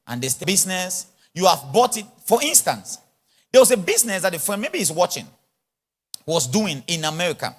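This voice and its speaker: A husky, high-sitting male voice at normal speed carries an animated conference sermon, spoken with an influence. Set in a large church or conference hall, the preaching weaves in pidgin English and acted-out little dialogues.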